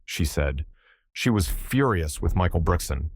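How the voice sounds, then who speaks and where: A man reads a crime novel aloud in steady, measured audiobook narration. His voice is very low and the sound is dry and close. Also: husky, dry recording.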